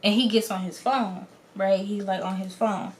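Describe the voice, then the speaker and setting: A young adult woman telling a story in a casual, blunt and animated way, acting out the lines of the people in it. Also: medium pitch, normal speed. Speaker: vlogger.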